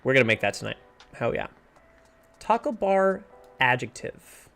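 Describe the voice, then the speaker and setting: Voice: mid-range voice, big pitch swings, measured pace, vocal fry, fairly bright tone, faint music behind. Streamer musing over word puzzles. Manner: muses over word clues, trails off with "I don't know". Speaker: livestreamer playing a puzzle game. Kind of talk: casual thinking aloud while solving puzzles.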